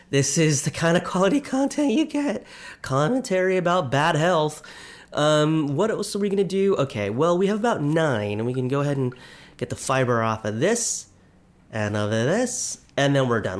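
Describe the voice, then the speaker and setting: A man's voice: fairly high pitch, very animated, moderate pace. Chatty self-mocking man gaming. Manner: chatty, self-deprecating, talks to viewers. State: out of breath. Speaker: let's play gamer. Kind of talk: casual gameplay commentary.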